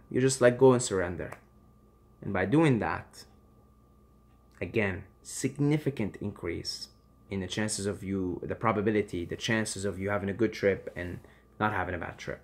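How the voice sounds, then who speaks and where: A man giving impassioned advice to camera, emphatic and swearing freely, swinging between loud urging and quiet reassurance. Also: on the low side, normal speed, gravelly. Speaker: vlogger.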